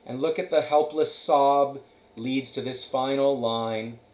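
A male teacher reads a novel aloud to his class, pausing to comment and often checking in with "okay" and "right." His voice is medium-pitched, steady, slow and a little mellow, in an echoey room.

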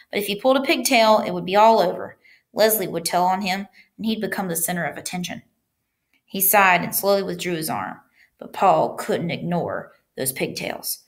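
A woman's voice: medium pitch, gravelly. A woman teacher reading a children's chapter book aloud and guiding students through the pages. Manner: animated storytelling with stops to guide the class.

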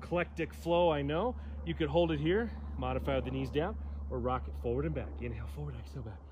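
A man's voice: fairly high pitch, fast talker, a little mellow, slight background noise. Joking male yoga instructor outdoors. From Southern California. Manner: joking asides between pose cues. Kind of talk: guided yoga class.

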